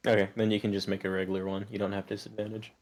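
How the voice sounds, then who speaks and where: A young man narrating as game master, halting and full of restarts. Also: lowish voice, little pitch movement.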